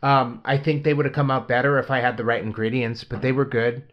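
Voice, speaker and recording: A man's voice: mid-range voice, flat delivery, fast. A man hosting a casual podcast chat, telling stories and prompting his co-hosts. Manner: chatty, storytelling, prompts the others. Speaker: podcast host. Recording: muffled lo-fi audio.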